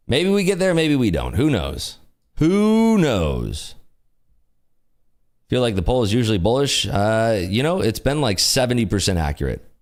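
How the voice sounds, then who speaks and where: A man's voice: low voice, darkish tone. A man hosting a casual livestream, joking and teasing as he reads out the chat. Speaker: livestream host.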